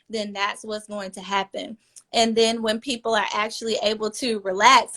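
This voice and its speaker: A woman speaking as a fertility coach in a casual podcast conversation, earnest and personal, growing animated when she quotes other people. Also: medium pitch.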